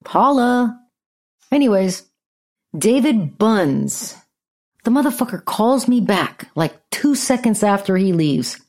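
A woman's voice: medium pitch, very animated, slow, a little mellow. A middle-aged woman hosting a podcast, telling a story in a blunt, sarcastic, profane rant. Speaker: podcast host.

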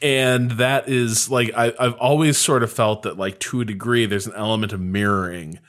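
A man's voice: fairly low pitch, steady tone, moderate pace, a bit bright. A man co-hosting a casual podcast, analyzing the story with enthusiasm and frequent fillers. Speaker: podcast co-host. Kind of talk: casual chat analyzing a period drama.

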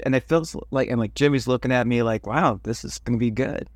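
A man from Cleveland hosting a podcast interview, asking questions and telling his own stories in a chatty, animated way. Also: medium pitch, brisk, no room sound, clean studio sound. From Cleveland, USA. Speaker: podcast host. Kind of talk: interview with personal anecdotes.

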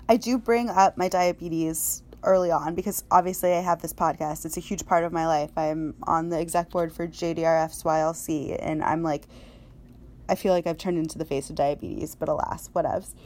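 Young woman podcast host, slightly low voice, chatty and animated, laughs a lot while telling stories. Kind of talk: casual podcast chat.

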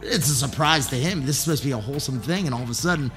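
A man co-hosting a casual podcast chat, joking and riffing with deadpan asides. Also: medium pitch, rapid-fire, soft background music. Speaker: podcast co-host.

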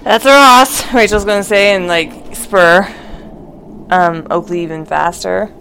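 A woman's voice: on the low side, steady tone, unhurried, gravelly, a bit bright, slight background noise, rough recording. A woman player voicing her deputy character in a tabletop game, dropping into character outbursts. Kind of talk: tabletop role-play.

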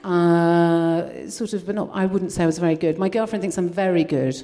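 A woman comedian guest telling quick, jokey stories on a live comedy podcast. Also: fairly low pitch, dark tone.

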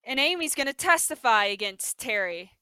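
A young adult woman hosting a podcast, recapping a TV episode in casual chat and acting out the characters with lively energy. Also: high voice, clear, resonant tone, dry recording. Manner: animated, acts out characters' lines in quick bursts. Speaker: podcast host.

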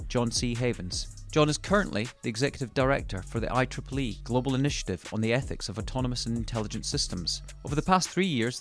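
Podcast host guy, measured and polished, some quiet music behind him. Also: medium pitch. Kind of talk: scripted intro then interview.

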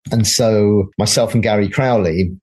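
A middle-aged man speaks as a guest in a relaxed interview, his voice a little husky and sitting low. He tells long stories, slipping into the voices of the people in them, and laughs easily as he goes. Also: normal speed. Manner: chatty storyteller who acts out quoted voices and laughs often. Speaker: graphic designer and film producer, guest. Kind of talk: casual anecdote-telling interview.

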